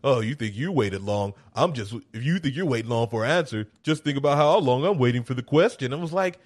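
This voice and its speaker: A man in casual movie commentary chat, animated, often putting on the characters' voices and laughing. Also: medium pitch, brisk. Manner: animated, mimics characters in quoted asides, swears, laughs often.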